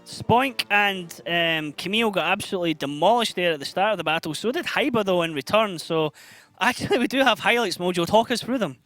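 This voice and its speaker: A Scottish man calls a live esports match, his voice pitched high and cutting through with a bright, forceful edge. He keeps the commentary brisk and upbeat, trading banter with his co-caster. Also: lively intonation. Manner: brisk, upbeat play-by-play with laughs.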